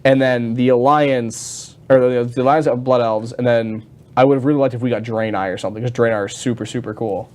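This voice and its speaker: A man co-hosting a casual gaming chat show, talking in an excitable, rambling way with many restarts and fillers. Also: mid-range voice, brisk. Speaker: podcast co-host.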